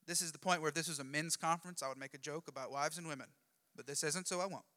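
Bright, high-voiced lively preacher man. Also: fast talker. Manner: lively, conversational, jokey. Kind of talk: sermon storytelling. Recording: long hall reverb.

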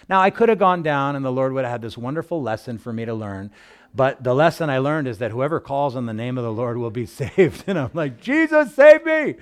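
A man preaching with a mid-range voice, moving between calm scripture reading and lively personal stories. He talks like he is chatting with the congregation and now and then breaks into loud, excited exclaiming. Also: mid-range voice. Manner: conversational storytelling with bursts of loud exclaiming. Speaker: pastor. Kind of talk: sermon.

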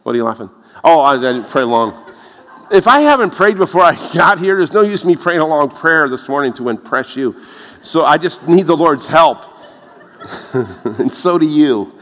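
A man preaching a lively sermon, telling stories and laughing at his own jokes. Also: normal speed. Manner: animated, laughs at his own jokes, rises in pitch when excited. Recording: long reverb of a large hall.

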